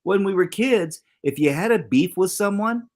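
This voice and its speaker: A middle-aged man co-hosting a casual talk show, telling stories and acting out the quoted lines. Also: normal speed. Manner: animated storyteller, acts out quoted exchanges with big pitch jumps. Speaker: co-host.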